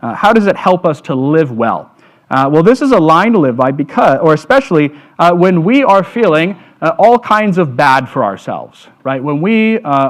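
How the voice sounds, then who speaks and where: A man giving a Lenten devotional talk at a church, halting and full of "uh"s and "right?" tags. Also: a little high. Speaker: church speaker.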